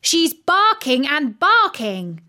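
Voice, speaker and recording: Woman putting on a bossy no-nonsense mum, brisk and scolding, lively up-and-down voice. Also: high-pitched, pitched above the performer's own voice, full character voice. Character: bossy busy mother, no-nonsense.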